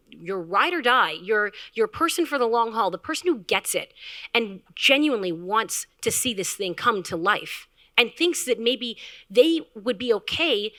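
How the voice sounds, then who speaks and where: A woman founder giving a candid, animated storytelling talk at a live event, acting out quotes with filler words. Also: on the high side. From Canada. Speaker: health tech founder, speaker.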